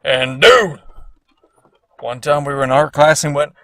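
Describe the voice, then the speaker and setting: A man's voice: on the high side, a little slow, a bit bright, dry recording. A man in his twenties giving casual, profane and rambling commentary on a cartoon he made as a teen. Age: 20s.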